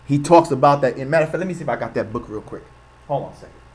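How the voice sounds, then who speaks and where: Guy on a livestream, mid-pitch voice, fired up, keeps asking "right?" and repeating himself. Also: animated, very fast, slight background noise. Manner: impassioned, rhetorical, repeats himself for emphasis. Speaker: channel host. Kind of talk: livestream commentary.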